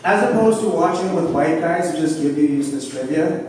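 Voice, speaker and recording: A man from doing an animated stand-up set on a club stage, often laughing at his own jokes. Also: a little high, fairly quick, a little hiss or hum. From South Africa. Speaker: stand-up comedian. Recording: echoey club from far off.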